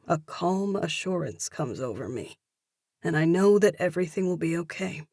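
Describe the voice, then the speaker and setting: A woman's voice: on the low side, lively intonation, normal speed, a little mellow, no room sound, studio quality. A woman narrator voicing a confident, playful young male cage fighter in an audiobook, with an easygoing, teasing manner. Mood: earnest. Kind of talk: audiobook character voice.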